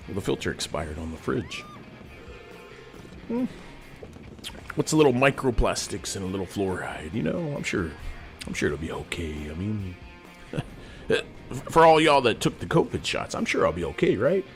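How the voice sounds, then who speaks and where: A man's voice: low-pitched, sing-song, moderate pace, long pauses, over music. A middle-aged man, hosting a rambling, folksy monologue from his home studio as a sergeant major persona. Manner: folksy, keeps calling the audience "friends".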